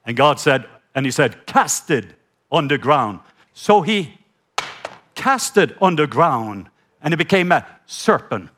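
A man from Norway preaching a sermon in his second language, animated and acting out the voices in his retelling, with stammers. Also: fairly high pitch, measured pace. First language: Norwegian.

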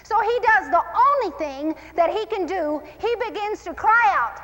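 High-voiced woman preaching in a hall. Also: moderate pace, few pauses, heavy background noise. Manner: animated, acts out scenes with shifting pace. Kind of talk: sermon-style Bible teaching.

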